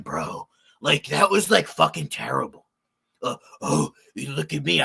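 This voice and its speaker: A man's voice: fairly high pitch, creaky, bright, forceful tone, breathy edge, full character voice. A man doing a swaggering, foul-mouthed hero. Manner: swearing, mock-angry rant. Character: crude boastful male superhero, mocking and hot-headed.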